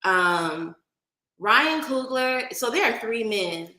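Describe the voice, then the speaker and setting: A woman's voice: fairly high pitch, expressive, slow, sharp tone, roomy sound, rough recording. A woman from Oakland with a light Bay Area accent, chatting casually with viewers on a livestream and greeting them by name. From Oakland, California. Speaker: livestream host.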